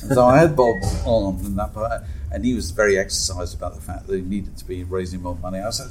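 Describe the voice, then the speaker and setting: A man's voice: on the low side, brisk, hardly any pauses, slight background noise, rough recording. Wry older man telling stories. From Britain. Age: 60s. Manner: wry, storytelling, chuckles often. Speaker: guest author. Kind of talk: conversational anecdote. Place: pub.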